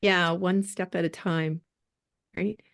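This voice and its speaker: A woman's voice: on the low side, steady tone, takes it slowly, gravelly. Woman course coach, upbeat and encouraging, laughs easily, video call audio.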